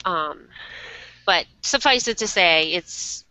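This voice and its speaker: A woman's voice: on the low side, expressive, slow, sharp tone, dry recording. A woman co-hosting a live online book show, chatting casually and laughing easily, speaking from a tent. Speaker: podcast co-host. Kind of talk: casual chat. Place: tent while it rains. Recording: dry, slightly dull lo-fi web call.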